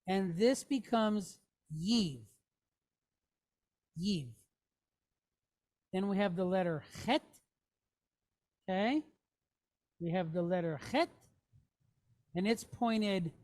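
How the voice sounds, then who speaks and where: A woman teaches a classroom lesson at an unhurried, deliberate pace. She is patient, sounding words out and pausing to check in with her students before moving on. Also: medium pitch, a little mellow. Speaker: Hebrew teacher.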